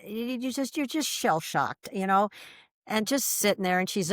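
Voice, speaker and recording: A woman's voice: mid-range voice, moderate pace, no echo, clean studio sound. A middle-aged woman, a podcast guest, telling her own story animatedly with many fillers and restarts. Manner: expressive, many fillers and restarts, laughs mid-sentence.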